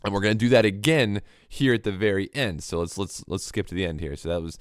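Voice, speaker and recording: A man's voice: on the low side, fast talker, no echo, studio quality. A man hosting a casual livestream music lesson, explaining patiently and mimicking hi-hat rhythms with clipped mouth sounds. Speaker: livestream host.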